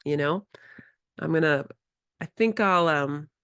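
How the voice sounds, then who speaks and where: Animated woman workshop presenter. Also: deep voice, slow, smooth, dry recording, clean studio sound. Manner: animated, acts out conversations with children. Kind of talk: workshop lecture. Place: in-person workshop.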